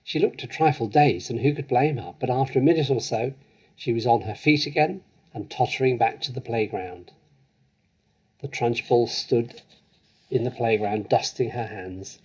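A man reading a children's story aloud with measured, expressive narration. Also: medium pitch, breathy edge, poor audio. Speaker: story reader.

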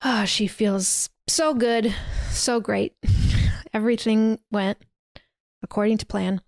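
With no room sound, a young podcast host tells the story of a horror film in a casual, chatty recap, laughing lightly and using "like" constantly. Her mid-range voice is slow and a little mellow, with fairly even intonation.

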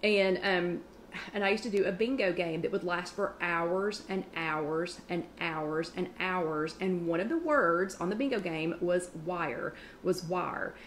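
A woman with a Southern US accent hosting a live online chat, talking fast and chatty with quick asides as she greets viewers. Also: fairly low pitch, slight background noise.

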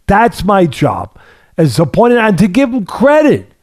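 A man's voice: high voice, wildly swooping pitch, unhurried, a little mellow, dry recording, clean studio sound. A man hosting a casual sports talk podcast as a boxing analyst. He talks emphatically, repeating phrases for stress, with a sardonic edge and long analogies.

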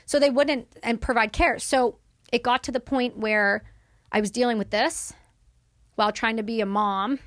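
Candid Canadian woman, bright close-miked voice. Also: a little high, steady tone, normal speed, no room sound. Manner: candid, emphatic storytelling. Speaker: podcast guest. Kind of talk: casual conversation.

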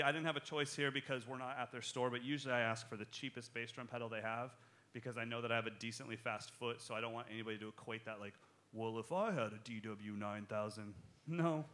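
A man's voice: mid-range voice, sharp tone. A man teaching a live drum clinic, joking and talking straight to the audience as he explains his playing and takes questions. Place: music shop clinic in front of an audience.

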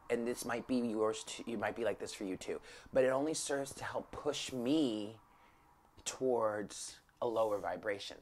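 A woman giving a casual spiritual tarot reading, talking frankly and emphatically, swearing freely and dropping into whispered asides. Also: rumbling low. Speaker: tarot reader.

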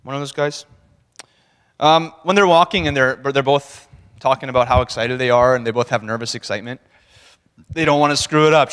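A man giving a relaxed, conversational sermon in a church, chuckling as he speaks and acting out what people said. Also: a little high, moderate pace. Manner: conversational, laughing, acts out quotes. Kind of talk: casual sermon talk. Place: church sanctuary. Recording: long church-hall reverb.

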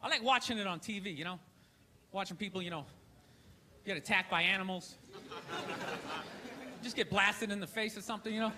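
A man doing a stand-up set in a theater, ranting loudly with sarcastic delivery. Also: high-pitched, brisk, long pauses. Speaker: stand-up comedian. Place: theater stage. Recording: live show with crowd laughter and noise. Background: audience laughter.

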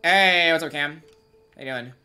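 A woman streaming a game live, chatting with viewers in excitable gamer slang. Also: sits low, normal speed, soft background music. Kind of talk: live gameplay streaming chat.

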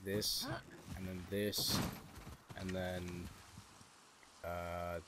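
Young male gamer, casual commentary, low voice, chatty asides, noisy recording. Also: level tone, extremely slow. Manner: chatty, swears, rambling asides. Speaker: gaming youtuber.

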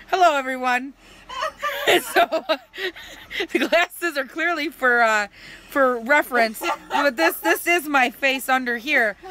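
A woman's voice: high-pitched, background noise. A woman beauty vlogger chatting casually in a camper, giggly and jokey, rambling between asides. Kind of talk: casual chat.

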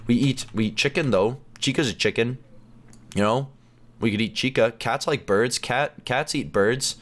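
A man hosting a gaming channel, chatting and reacting excitedly as he plays through a game. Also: mid-range voice, normal speed. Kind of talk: let's play commentary.

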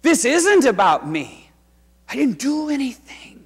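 A pastor acting out a trembling, humbled healed man speaking in a hushed, halting voice. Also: very high-pitched, very animated, husky, voice pushed up, heavily acted. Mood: awed. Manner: hushed, halting, near whisper. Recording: reverberant church sanctuary.

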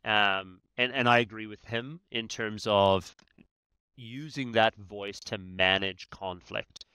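A man with a bright, smooth, somewhat low voice explains his points emphatically. He often checks in with the listener as he talks. The sound is close and dry. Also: slow, no room sound. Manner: emphatic, many "right?" tags. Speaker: negotiation expert guest. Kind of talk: conversational explaining.

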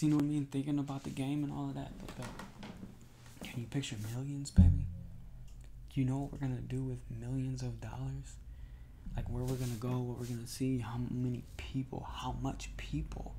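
A man in a whispered role-play as an adoring boyfriend, soft and affectionate, often breaking into laughs and sighs. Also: mid-range voice, vocal fry, slight background noise. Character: adoring boyfriend, emotional and overjoyed. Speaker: ASMR creator.

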